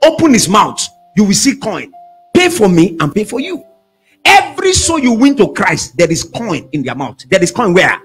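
A man preaches a sermon, his high voice leaping up and down as he calls out for responses. His tone is slightly husky. Faint music plays behind him. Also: very animated, normal speed. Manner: call-and-response preaching, shouting at peaks. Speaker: pastor.

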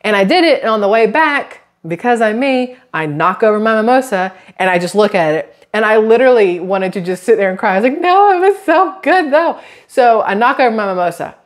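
A woman's voice: medium pitch, a little fast, hardly any pauses. A woman, chatting casually as a YouTube creator. She rambles from point to point and acts out other people's lines as she tells stories. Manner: chatty, rambling, animated quoted asides. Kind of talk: casual chatty vlog storytelling.

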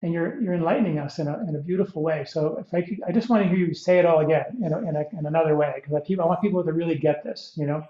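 A man's voice: on the high side, very fast, few pauses, reverberant, dull audio. A man hosting a podcast interview, asking questions in a rambling way and repeating words as he searches for phrasing. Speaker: podcast host. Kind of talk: conversational interview.

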